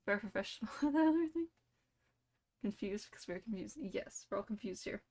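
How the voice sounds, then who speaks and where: A woman's voice: mid-range voice, animated, fairly quick, a little mellow. A woman streamer telling a silly made-up story during a live game, rambling and playful, full of "like" and "you know".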